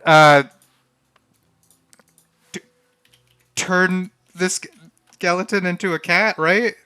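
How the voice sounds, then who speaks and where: A man's voice: high-pitched, steady tone, slow, bright, forceful tone, clear, resonant tone, no room sound. A young man streaming a text adventure game, reading the game text aloud in a casual, flustered way and often laughing. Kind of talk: casual live-stream commentary.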